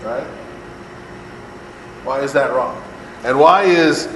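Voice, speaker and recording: A man teaches Bible study to a live group in a casual, joking way, acting out voices and checking in with "right?" after nearly every point. His voice is mid-pitched and lingers with a long reverb, as if he stands in a large hall. A low air-conditioning hum runs faintly underneath. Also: takes it slowly, pauses often, fairly bright tone. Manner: conversational, keeps asking "right?", jokes and acts out voices.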